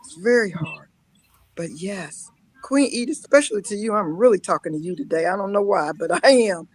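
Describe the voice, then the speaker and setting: A woman guest on a live-streamed talk show, telling lively personal stories with frequent laughter and mock-scolding asides. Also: mid-range voice, a little fast, no room sound, poor audio. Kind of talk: emotional casual talk-show chat.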